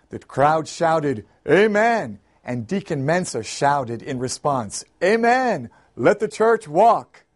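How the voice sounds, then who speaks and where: A man delivering a sermon as host and pastor. He tells his story in an animated, folksy way in a fairly high voice.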